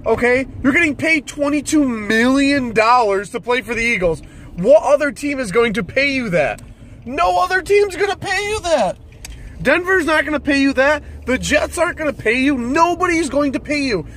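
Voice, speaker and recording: High-voiced man on a profane rant. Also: animated, normal speed, a bit bright, a little hiss or hum. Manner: profane, irritated, ranting. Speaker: football fan commentator. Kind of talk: solo sports rant.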